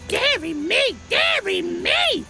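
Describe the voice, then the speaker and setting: A woman's voice: very high voice, very animated, takes it slowly, gravelly, sharp tone, soft background music, heavily acted. A woman voicing a worried old-fashioned wife in a video game, pleading dramatically. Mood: fretful.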